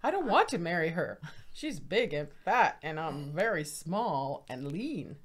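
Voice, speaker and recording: Woman doing sly small rabbit, pleading, storybook voice, lively. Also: low voice, measured pace, breathy edge, heavily acted. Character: clever small male rabbit tricking a fox.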